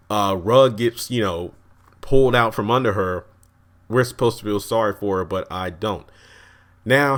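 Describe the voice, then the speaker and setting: A man with a slightly low voice reviews a TV episode in a loose, chatty way. He rambles, restarts his sentences and keeps breaking into chuckles as he talks. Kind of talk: casual video review.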